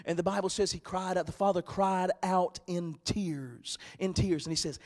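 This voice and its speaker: High-voiced shouting pastor in a reverberant church. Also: male voice, moderate pace, few pauses. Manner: preaching that swings from shouting to hushed storytelling. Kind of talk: sermon.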